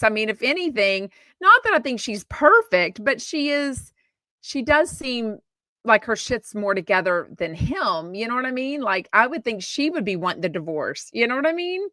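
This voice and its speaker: A woman's voice: on the high side, pushed and bright, dry recording. A woman from Texas, hosting a podcast in a blunt, chatty, opinionated way with casual swearing. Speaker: podcast host. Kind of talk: casual gossip commentary.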